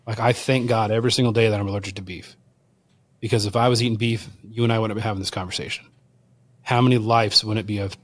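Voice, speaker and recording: A man with a fairly low voice tells his story in a lively, conversational way. He is a wild game chef who is a guest on the podcast. He acts out the people he quotes.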